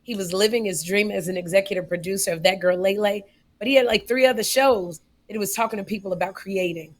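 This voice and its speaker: A woman co-hosting a podcast, telling a story in casual comedic style, animated and getting loud on punchlines. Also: medium pitch, fast talker. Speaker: podcast co-host.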